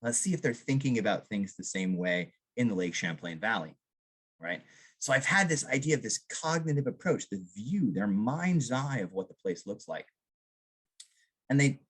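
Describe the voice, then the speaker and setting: A man from Vermont giving a public history lecture on archaeology, animated and often checking in with the audience. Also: on the low side, husky. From Vermont, USA. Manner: animated, often ends with a questioning "right?".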